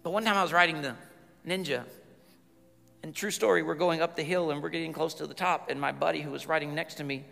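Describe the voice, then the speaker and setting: A man, preaching a sermon as a chatty, humorous storyteller who gets loud at times. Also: a little high, fairly even intonation, quick pace, gravelly, long reverb tail, soft background music. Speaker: pastor.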